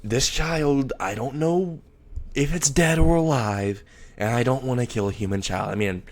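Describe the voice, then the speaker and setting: A man's voice: medium pitch, moderate pace, natural voice. A man voicing a crude, foul-mouthed male imp hitman in a storybook reading, swearing and stammering often. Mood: defensive. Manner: swears constantly, blurts and stammers. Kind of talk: storybook character voice.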